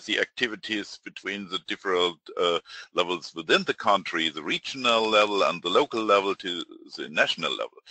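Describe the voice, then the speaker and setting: A man moderating a panel discussion, measured and hesitant, with frequent fillers. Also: fairly low pitch, bright, forceful tone, slightly rough, no echo, poor audio.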